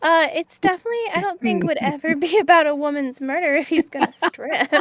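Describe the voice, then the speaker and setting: Female co-host, high voice, dry close sound, reads chat questions with wry humor. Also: a little fast, a bit bright, no echo. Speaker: stream co-host. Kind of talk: casual live-stream chat.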